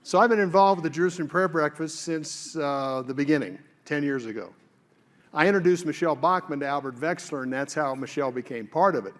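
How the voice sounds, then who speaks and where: A man telling a personal faith testimony in a conversational way, pausing often as he recalls events. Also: on the high side. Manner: conversational, with pauses and fillers.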